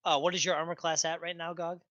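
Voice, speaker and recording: Guy running the tabletop game, bright voice, lots of ums, dry close sound. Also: a little high, fast, no echo, muffled recording. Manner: relaxed, meandering with many fillers. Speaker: game master.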